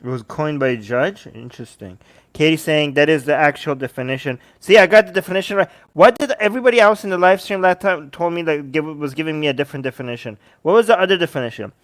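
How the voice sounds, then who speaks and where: A man hosting a livestream, reacting to videos with sarcastic, animated commentary and talking to his chat. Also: on the high side, fast talker. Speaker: livestream host.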